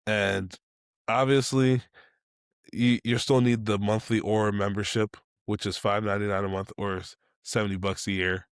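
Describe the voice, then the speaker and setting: A man co-hosting a casual tech podcast, lively and quick to laugh, short on sleep. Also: on the low side, clear, resonant tone, no room sound, clean studio sound. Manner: animated, laughs through stories. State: sleep-deprived. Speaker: podcast co-host.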